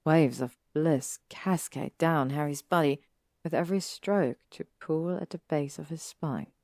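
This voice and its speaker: A woman reading fan fiction aloud in a calm, even narration. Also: deep voice, measured pace, no echo, studio quality. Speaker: story reader.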